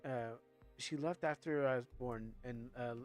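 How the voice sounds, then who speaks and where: A man voicing a young male game character who tells his past in a halting, serious way. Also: medium pitch, a little mellow, faint music behind, lightly acted.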